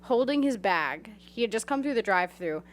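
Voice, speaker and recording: A woman's voice: mid-range voice, normal speed, a little hiss or hum. A woman in her twenties, a podcast guest, chatting casually and telling stories with frequent giggles. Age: 20s. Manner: giggly, animated storytelling. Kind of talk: casual chat.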